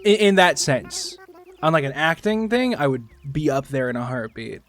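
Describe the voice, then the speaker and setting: A man's voice: fairly high pitch, expressive, moderate pace, soft background music. A man chatting casually on a gaming livestream, rambling, joking and swearing. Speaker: streamer.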